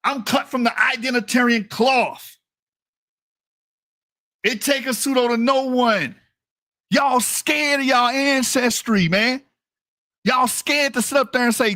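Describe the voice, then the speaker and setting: High, bright-voiced man ranting profanely. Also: takes it slowly, long pauses. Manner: profane, combative, repeats himself for emphasis; laughs at his own jokes. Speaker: online commentator. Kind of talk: heated casual commentary rant. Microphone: talking into a mic.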